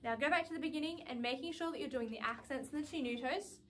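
High-voiced woman teaching saxophone. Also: fast, over loud music. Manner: patient, step-by-step instruction with counting aloud. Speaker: music teacher. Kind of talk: online saxophone lesson.

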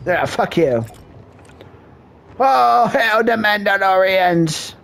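A man's voice: sits high, animated, takes it slowly, creaky, fairly bright tone. A man giving profane, mocking reaction commentary on a game video, laughing often between crude jokes.

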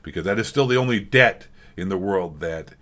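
A man hosts a reaction video in a sarcastic, rambling rant full of crude remarks. His voice sits on the low side, and he keeps an offhand, mocking tone throughout. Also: animated, normal speed, a bit bright. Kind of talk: casual rant commentary.

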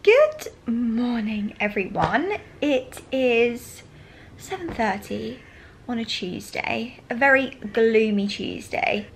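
A woman's voice: fairly high pitch, expressive, slow, poor audio. A young woman vlogging casually, chatty and gushing, with lots of fillers and a little out of breath. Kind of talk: casual vlog chat to camera.

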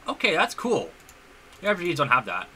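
Young male gaming YouTuber, excitable and stumbling, very bright tone, lively pitch; faint background noise. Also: brisk. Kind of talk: casual gameplay commentary.

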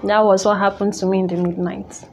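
A woman telling a personal story in a halting, emotional way, full of restarts. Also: medium pitch, little pitch movement, a little mellow, a little hiss or hum. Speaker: vlogger.

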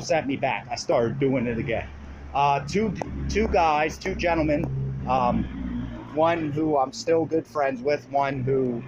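A man telling a personal story into his phone in a casual, profane, rambling and animated way. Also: on the high side. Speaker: vlogger. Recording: muffled phone audio with hiss.

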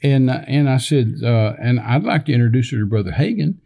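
An older man with a gravelly, mellow voice tells a long personal story in a loose conversational way. He rambles, restarts his sentences and slips into the voices of people he quotes. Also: medium pitch, lively intonation, a little fast. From Texas. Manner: rambling, many fillers and restarts, acts out quoted dialogue. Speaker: minister telling a story on a podcast.

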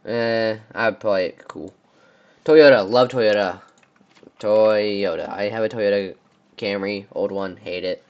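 A man's voice: on the low side, a little slow, darkish tone, smooth, muffled recording. A young man from the United States giving casual, rambling commentary on car brands, often stumbling over names. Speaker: car reviewer. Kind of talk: casual commentary on a tier list.

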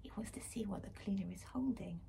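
A woman reading a picture book aloud to schoolchildren, gentle and expressive, often dropping to a whisper. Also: medium pitch, brisk, creaky, a little hiss or hum. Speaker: school librarian reading to pupils.

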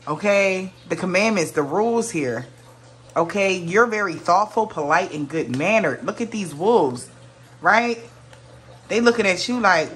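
A woman's voice: lowish voice, animated, unhurried, fairly bright tone, a little hiss or hum. A woman giving a casual tarot reading to her viewers, musing aloud, often exclaiming and trailing off mid-sentence. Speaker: tarot reader.

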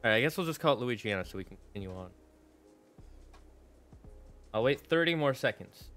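A man's voice: mid-range voice, animated, a little fast, a bit bright, faint music behind. A man chatting playfully with his viewers while streaming a game. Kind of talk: casual live-stream chat while gaming.

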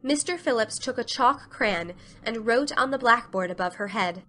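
A woman narrating a classic novel as a dramatic storybook reading, with expressive storytelling. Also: on the high side, normal speed.

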